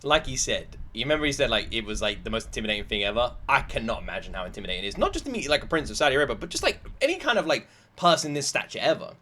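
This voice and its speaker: A man's voice: mid-range voice, big pitch swings, racing, few pauses, pushed and bright, slight background noise. A man from Britain reacting casually to a comedy clip, rambling with lots of fillers. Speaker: reaction video host.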